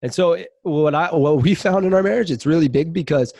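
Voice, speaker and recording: A man's voice: on the high side, brisk, creaky, darkish tone, dry recording. A man speaking as a podcast guest in a casual interview, earnest and reflective as he talks openly about his own life.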